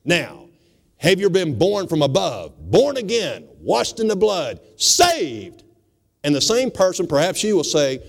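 A male pastor preaching an emphatic sermon in a church, stressing words with dramatic pauses. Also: high-pitched, wildly swooping pitch, vocal fry. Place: church sanctuary, also broadcast by radio.

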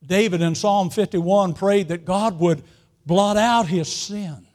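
Man, high voice, sermon, folksy storytelling, slow pauses, clears throat often. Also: darkish tone. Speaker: pastor.

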